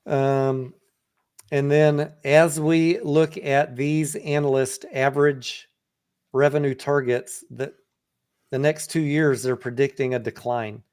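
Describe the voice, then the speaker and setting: A man's voice: mid-range voice, steady tone, slow, darkish tone, smooth. A man hosting a casual livestream and walking through a company's financials in a blunt, profane, conversational way. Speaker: livestream host and stock trader.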